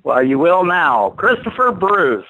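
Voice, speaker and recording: A man's voice: high voice, big pitch swings, a little slow, bright, forceful tone, dry recording, low-quality recording. A man calling in to a talk show, chummy and joking with the host. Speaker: caller. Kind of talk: casual phone call.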